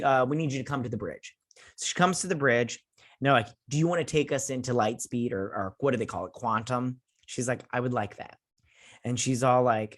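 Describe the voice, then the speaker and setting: Man, casual show review host, rambling, frequent restarts, middle pitch. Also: fairly bright tone. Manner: rambling, restarts often with filler words.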